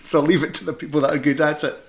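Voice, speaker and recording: A man's voice: on the high side, level tone, racing. Chatty Scottish man with a Glasgow accent. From Scotland. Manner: chatty, rambling, many restarts and fillers. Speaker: panto performer and director. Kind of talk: casual interview chat.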